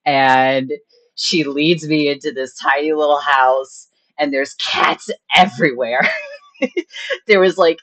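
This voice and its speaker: A young woman hosting a charity stream, telling a story in casual chat, animated and laughing often as she acts out her own thoughts. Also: deep voice, takes it slowly.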